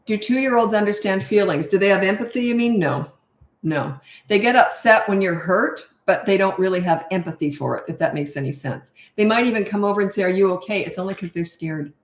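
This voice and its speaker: Speaking a little fast in a mid-range voice, the older woman sounds like she's in a roomy space. She's a parenting coach chatting through a live Q&A, spinning stories and acting out characters' voices.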